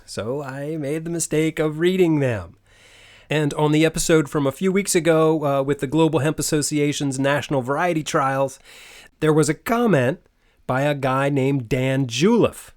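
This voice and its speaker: Chatty, wry man hosting a podcast. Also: a little high. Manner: chatty, wry, mildly sarcastic. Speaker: podcast host. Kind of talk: casual podcast monologue.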